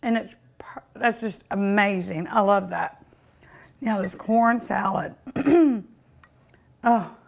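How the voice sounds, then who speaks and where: A woman's voice: mid-range voice, slow pace, vocal fry, long pauses. A woman hosting a cooking show, tasting her food with many delighted mmms and chatting to her dog and her viewers. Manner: sometimes talks with mouth full. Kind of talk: casual food tasting vlog.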